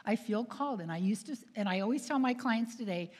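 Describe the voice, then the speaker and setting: A woman's voice: on the high side, lively intonation, a little fast, a little mellow, husky. A woman giving a storytelling talk to an audience, acting out the voices of the people she quotes and laughing often. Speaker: speaker at a retreat. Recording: long hall reverb.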